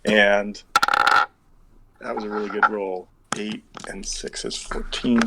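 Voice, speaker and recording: A man's voice: fairly low pitch, little pitch movement, slow pace, creaky, heavy background noise. Rambling man running a tabletop game. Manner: rambling, thinks aloud while doing dice math. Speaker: game master.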